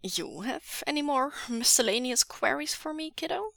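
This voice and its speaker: A woman's voice: sits high, expressive, normal speed, creaky, fairly bright tone, dry recording, pitched above the performer's own voice, full character voice. A woman voicing a wry, patient adult man with dry, teasing humor in an audiobook reading of fan fiction.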